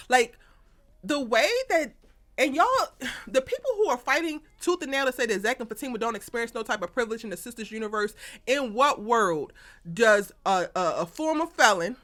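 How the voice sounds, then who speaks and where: A woman's voice: high-pitched, sharp tone. A woman hosting a TV episode breakdown, blunt and exasperated, cursing freely and speaking straight to her viewers. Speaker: TV recap host.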